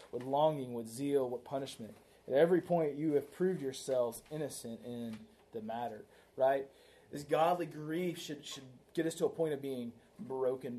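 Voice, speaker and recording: A man's voice: medium pitch, dark tone. A man preaching a sermon in a conversational way, often tagging his points with "right?" and telling a story to make them. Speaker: pastor.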